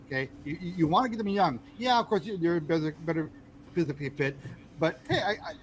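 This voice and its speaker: A man hosting a podcast in casual talk, speaking haltingly with frequent repeated words and restarts. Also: on the high side, animated, a little hiss or hum, rough recording. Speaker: podcast host.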